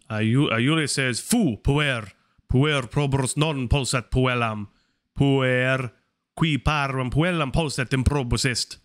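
A man's voice: medium pitch, fairly bright tone. A man hosting a live study stream, working through translations aloud and questioning himself as he goes. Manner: puzzles over translations aloud, self-questioning. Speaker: Latin learner hosting a stream.

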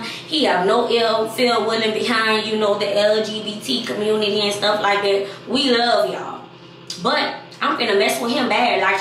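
A woman's voice: a little high, fairly bright tone, slight background noise. Brash young woman in an echoey room. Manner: brash, rambling, hyped. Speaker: vlogger pranking her boyfriend. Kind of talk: casual prank vlog talk. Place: home room. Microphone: camera set up in the room. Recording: echoey room, far from the camera.

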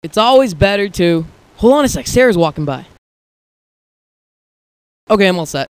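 A man's voice: sits high, very animated, moderate pace, clean tone, dry recording. A teenage boy playing a distracted, girl-crazy teen superhero in an amateur comedy sketch. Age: late teens. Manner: distracted, drifting off mid-sentence.

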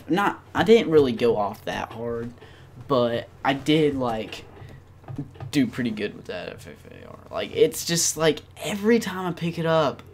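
Male gamer narrating his own matches; rambling delivery full of ums and likes, with sudden excited spikes. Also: fairly high pitch, slight background noise. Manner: rambling with many fillers, bursts of excitement. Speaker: gaming channel host. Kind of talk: casual gameplay commentary.

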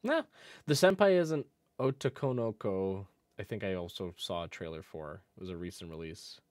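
A man's voice: low voice, animated, moderate pace, a little mellow. A man co-hosting a casual chat podcast, amused and laughing often as he reads titles aloud. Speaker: podcast co-host.

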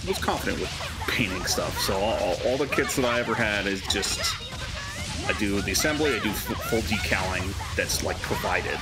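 A man's voice: on the low side, lively intonation, moderate pace, loud music behind the voice. A man co-hosting a game stream, chatting casually and hesitantly with lots of fillers. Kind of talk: casual chat over gameplay.

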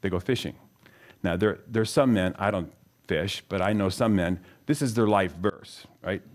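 A middle-aged man with a somewhat low voice gives a conversational Bible teaching. He tells stories from his own life and turns to his listeners with questions, earnest and direct. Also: moderate pace. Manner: asks the audience questions, storytelling, earnest. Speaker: speaker teaching scripture.

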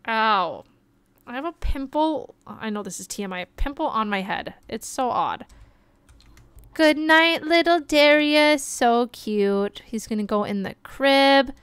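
A young woman streaming a life-simulation game, chatting excitedly and gushing over the characters as she plays. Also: a little high, a little slow, clear, resonant tone, no echo. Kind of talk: life-sim gameplay commentary.

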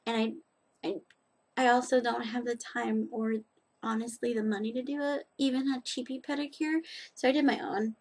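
A woman's voice: fairly high pitch, darkish tone. A woman chatting casually in a rambling, self-deprecating way as she reviews nail polish on her vlog.

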